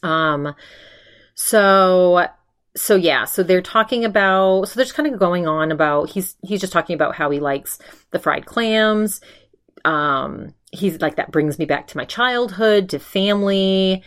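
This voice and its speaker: A woman's voice: on the low side, a little slow, a bit bright, clean tone. A woman from Maine hosting a podcast, chatting casually in a rambling way with lots of fillers. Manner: chatty, rambling, full of fillers and "he's like" retellings. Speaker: podcast host. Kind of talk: casual chat recapping an episode.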